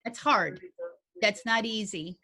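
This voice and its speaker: A woman's voice: medium pitch, takes it slowly. Folksy woman teaching dog agility. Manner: folksy and animated, with homey grammar. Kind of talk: conversational teaching talk.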